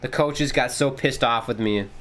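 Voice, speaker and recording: A man hosting a casual live watchalong, calling the play-by-play excitedly and swearing casually. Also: moderate pace. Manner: excitable, jumps pitch on big plays, swears casually. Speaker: watchalong host.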